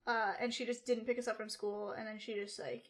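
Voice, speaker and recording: A young woman speaks briskly in a high-ish, level voice while livestreaming a personal story to her chat. She's rambling and casual, swearing often and saying "like" a lot.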